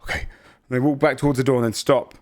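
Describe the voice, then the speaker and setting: A man narrates as game master of a tabletop game. He talks in a loose, casual way and fills his lines with "kind of" and "like". His voice sits at an ordinary middle pitch. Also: little pitch movement, fast, darkish tone.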